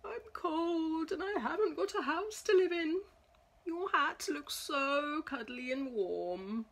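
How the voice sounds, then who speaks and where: A woman's voice: sits high, lively intonation, slow, fairly bright tone, pitched above the performer's own voice, heavily acted. A woman voicing a tiny, sad, homeless girl mouse in a storybook, small, pitiful and polite.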